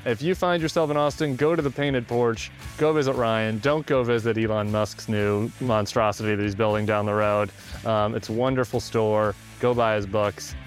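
A man hosting a podcast, briskly and upbeat, steering the conversation and wrapping up the episode. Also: on the low side, steady tone, soft background music. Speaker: podcast host.

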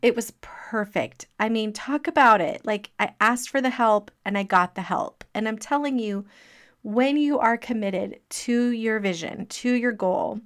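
A middle-aged woman telling a personal story as a motivational talk, lively and laughing as she acts out what people said. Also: a little high. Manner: animated, acting out quoted speech, laughing between lines.

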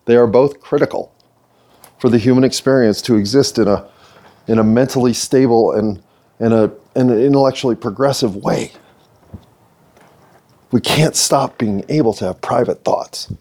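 A man's voice: medium pitch, moderate pace, long pauses, warm tone. A middle-aged American man hosting his own video series, talking earnestly to the camera with playful asides. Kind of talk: reflective monologue to camera.

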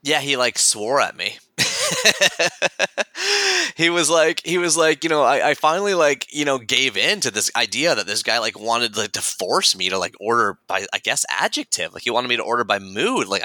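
A man guest on a podcast, casually telling a story with lively, animated retelling of dialogue. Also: mid-range voice, brisk, dry recording. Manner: animated, mimics voices in retold dialogue.

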